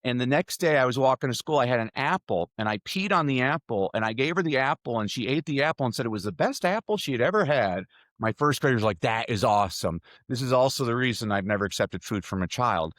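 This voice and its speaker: A middle-aged man, a speaking coach, telling stories energetically as a podcast guest, his voice jumping up in pitch. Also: fast talker, dry recording. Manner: energetic storyteller with sudden jumps in pitch. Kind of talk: podcast interview answers.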